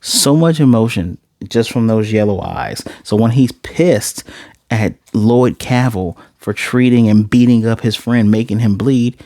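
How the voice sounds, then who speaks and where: A man reviewing an anime episode, recapping the plot in a casual, animated way. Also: medium pitch, a little slow, no echo, clean studio sound. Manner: animated, chatty storytelling.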